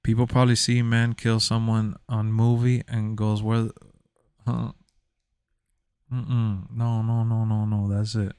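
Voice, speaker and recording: Guy streaming and just rambling, repeats stuff a lot, crisp dry voice. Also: lowish voice, completely flat delivery, moderate pace, hardly any pauses, a little mellow, no room sound. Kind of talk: casual chat.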